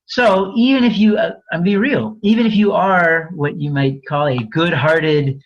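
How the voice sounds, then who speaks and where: A man's voice: fairly high pitch, unhurried, dull audio, slight background noise. A man presenting a fair housing webinar, explaining in a candid, conversational way with frequent restarts. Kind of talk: webinar lecture.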